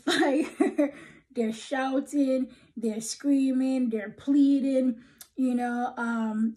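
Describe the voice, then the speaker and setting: A woman's voice: a little high, warm tone, low-quality recording. A woman preaching a prophetic encouragement message, emphatic and repeating "okay?", sometimes dropping to a whisper. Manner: emphatic, tags "okay?" after points, drops to whispers.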